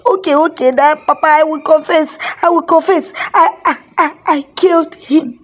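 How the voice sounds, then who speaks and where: A woman's voice: on the high side, a little slow, natural voice. A woman voicing a guilty grown son who cries, stammers and pleads in tears. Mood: confessing. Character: grown male son, guilty, wailing under ghostly flogging.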